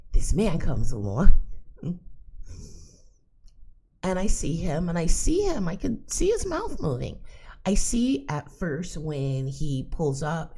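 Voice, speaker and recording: A woman telling a funny everyday story in a casual, animated way, laughing and acting out the people in it. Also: very deep voice. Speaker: psychic reader and channel host.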